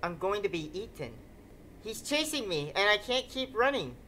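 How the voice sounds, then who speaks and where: A man voicing a terrified young victim's last note, read quietly with dread. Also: high-pitched, big pitch swings, normal speed, a little hiss or hum, heavily acted. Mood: frightened.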